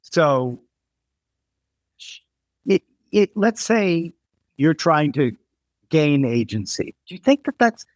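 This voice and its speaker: An American man hosts a casual podcast conversation, with a voice a little on the higher side. He tells stories in a rambling way, often restarting his sentences. The sound is dry and close. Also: big pitch swings, slow pace, pauses often, no room sound. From United States. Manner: rambling storyteller with frequent restarts. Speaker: podcast host.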